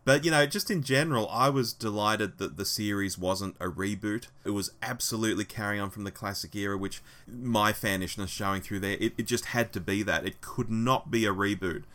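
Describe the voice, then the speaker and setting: A man co-hosts a casual fan podcast, his low voice carrying a bright, forward edge. He talks animatedly, laughs easily and jumps into a higher voice to act out quotes. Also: a little fast, hardly any pauses. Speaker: podcast co-host.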